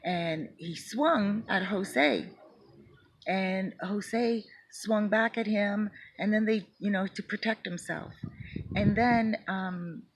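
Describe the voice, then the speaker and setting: A woman's voice: mid-range voice, slow pace, breathy edge, low-quality recording. A woman retelling a true story in a chatty, casual way, acting out quotes. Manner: chatty, acts out quotes with lifted voice.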